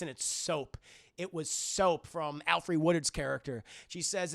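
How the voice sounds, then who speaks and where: A man streams a casual recap of a movie to his chat and swears his way through the scenes. His voice sits a bit high and has a heavy gravelly fry. The sound is bright, close and dry. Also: unhurried, no echo. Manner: animated, profane storytelling.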